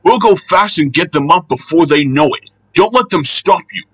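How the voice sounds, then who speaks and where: An engine driver giving urgent warnings in a storybook, a man voicing him. His voice is raised and higher than the narrator's, with a lively swing. It has a bright, husky edge. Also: normal speed, no room sound.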